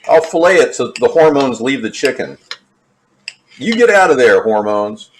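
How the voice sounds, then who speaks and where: A man of middling pitch walks through a recipe in his home kitchen in a loose, rambling way. He cracks jokes and wanders onto side topics between steps. A faint hum of room ambience sits behind him. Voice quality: rambling and jokey, drifts off topic. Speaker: home cooking vlogger. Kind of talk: casual cooking demonstration.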